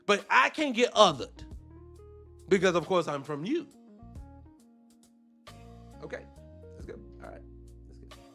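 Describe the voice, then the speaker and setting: A man hosting a show, reacting to a debate clip with animated, profane commentary and rhetorical questions. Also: high-pitched, a little slow, vocal fry, pauses often, soft background music. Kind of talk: heated commentary.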